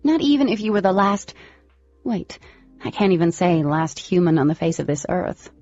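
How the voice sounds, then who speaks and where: A woman's voice: on the low side, big pitch swings, moderate pace. A woman playing a fiery, defiant teen girl. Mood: indignant. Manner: loud, indignant retorts. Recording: slightly lo-fi with faint music.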